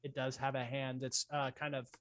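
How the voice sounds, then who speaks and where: A man's voice: medium pitch, little pitch movement, moderate pace, a bit bright. A man narrating as game master of a tabletop game, describing scenes with many ums and uhs. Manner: hesitant, full of ums and uhs.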